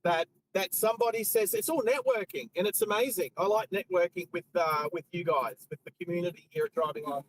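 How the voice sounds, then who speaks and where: A man's voice: sits high, fairly quick, few pauses, noisy background. An Australian man hosting a live stream from his car, chatting with viewers as he drives and points out sights along the road. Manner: chatty, jumping between road commentary and viewer chat. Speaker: host of a live driving stream. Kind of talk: casual live-stream chat while driving.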